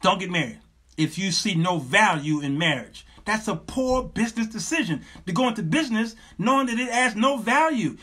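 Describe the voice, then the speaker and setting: A middle-aged man hosting a talk show, giving sermon-like advice in an animated, joking, preacherly manner with lots of repetition. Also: high voice, moderate pace, slightly rough.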